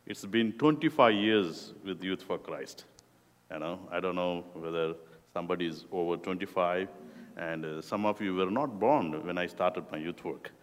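Preaching to a youth group, this middle-aged Indian guest preacher, who directs a youth ministry, speaks slowly in a low-sitting voice. His phrasing is deliberate and non-native, and the church hall echoes with long reverb.

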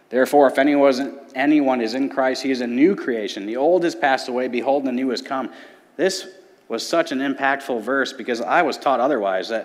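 A man's voice: medium pitch, brisk. A man in his thirties giving an earnest personal testimony in church, telling his story with quoted voices. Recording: hall reverb.

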